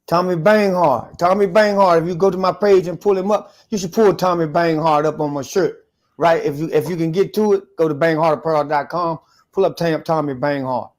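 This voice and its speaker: A man with a slightly higher-pitched voice jokes bluntly on a live podcast. He curses for emphasis, in a loose, teasing way of talking. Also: steady tone, a little fast, darkish tone. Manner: blunt, joking, emphatic cursing. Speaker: guest, apparel business owner. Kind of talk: casual live-stream podcast chat.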